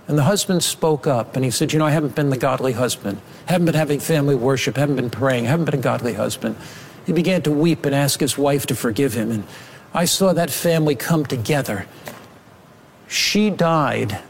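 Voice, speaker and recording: A man preaching a sermon with an emphatic, repetitive cadence. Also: on the high side. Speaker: pastor.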